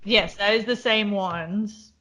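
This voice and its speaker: A woman's voice: medium pitch, takes it slowly, fairly bright tone. A woman co-hosting a podcast, talking casually in a rambling way with many restarts. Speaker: podcast co-host. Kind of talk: casual chat.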